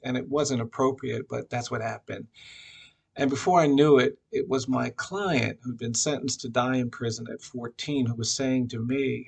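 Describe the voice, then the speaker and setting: A man giving a reflective personal tribute at a memorial, telling a story with frequent pauses and fillers. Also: mid-range voice, steady tone, vocal fry, breathy edge. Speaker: memorial speaker.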